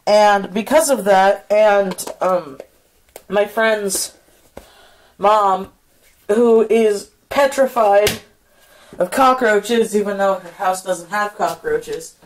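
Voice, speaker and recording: A woman vlogging in casual chat, rambling and swearing freely, speaking in a soft hushed voice outdoors at night while walking a dog. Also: mid-range voice, slow pace, a little hiss or hum.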